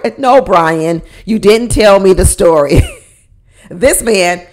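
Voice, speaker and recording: A woman's voice: mid-range voice, measured pace. A woman sassily recapping a reality TV episode, with folksy sayings, frequent laughs and acted-out quotes from the cast. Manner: sassy, animated storytelling with folksy sayings; acts out the cast members' quotes and laughs often.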